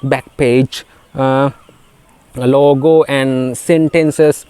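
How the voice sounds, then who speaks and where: A Sri Lankan man whose first language is Sinhala, teaching a beginner spoken English lesson in a halting way, with many fillers and repeated words. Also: medium pitch, fairly even intonation, darkish tone, clear, resonant tone, no room sound.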